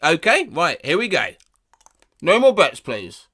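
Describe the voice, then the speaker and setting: A man hosting a comic video, excitable and swearing as he tries silly sound requests. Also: on the high side, measured pace, husky. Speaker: YouTube host. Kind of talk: comic vlog reading out viewer sound requests.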